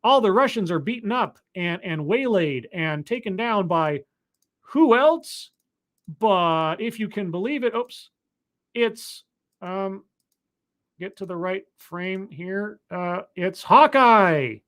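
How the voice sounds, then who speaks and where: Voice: medium pitch, expressive, slow, fairly bright tone. A live stream host recapping a TV episode in a casual, rambling way, with sarcastic asides and restarts while clicking through footage. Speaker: show reviewer hosting a live stream.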